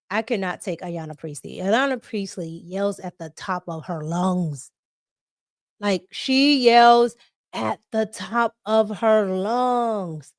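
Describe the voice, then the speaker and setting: A woman hosting a casual political commentary vlog, talking in an animated way with frequent laughter and emphatic tag questions. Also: medium pitch, dry recording, clean studio sound. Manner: animated, laughing often, emphatic "okay?" tags.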